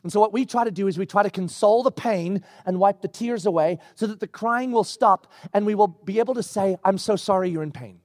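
High-voiced, animated male preacher. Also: dry recording, clean studio sound. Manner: animated and emphatic, slowing down to stress words; acts out scripture quotes in character voices. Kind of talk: sermon.

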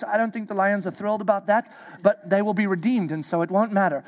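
Animated high-voiced man preaching. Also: quick pace. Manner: animated, playful asides, acts out voices. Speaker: pastor. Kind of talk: sermon.

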